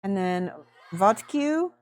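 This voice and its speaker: A woman's voice: medium pitch, animated, takes it slowly. Chatty woman streaming as she paints. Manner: chatty and effusive, thanking viewers by name. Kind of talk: casual livestream chat while painting.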